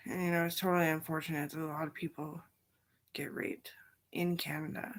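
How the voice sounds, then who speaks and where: A woman's voice: low-pitched, level tone, fairly quick. A woman talking in a loose, drifting casual monologue, often sinking into a whisper.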